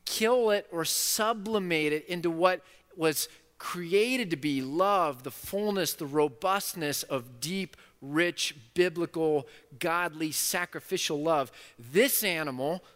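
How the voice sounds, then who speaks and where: A man preaching a sermon, animated and playful, acting out the voices of the story's characters. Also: a little high, slow pace, few pauses. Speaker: pastor. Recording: long reverb of a large hall.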